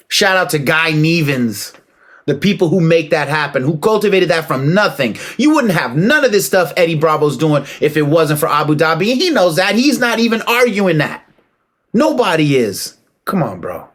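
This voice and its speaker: A man giving a casual, emphatic opinion monologue, preaching and calling out to listeners with rhetorical questions and shout-outs. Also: a little high. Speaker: martial arts commentator.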